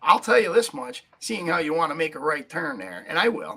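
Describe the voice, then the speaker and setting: A man's voice: on the high side, sing-song, a little fast, gravelly, sharp tone, husky, rough recording. A man hosting a talk podcast, ranting angrily about politics with lots of swearing and a habit of asking "right?". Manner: angry, profane, keeps asking "right?". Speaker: podcast host.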